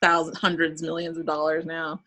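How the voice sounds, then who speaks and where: A low-pitched woman speaking at normal speed hosts a podcast, casually recapping an episode. It's an animated retelling, peppered with laughter and acted-out quotes.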